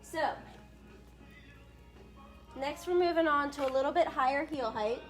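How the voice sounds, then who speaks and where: A woman's voice: sits high, a little slow, soft background music. A woman hosting a live shoe showcase, chatty and upbeat, talking straight to viewers. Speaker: shoe store host.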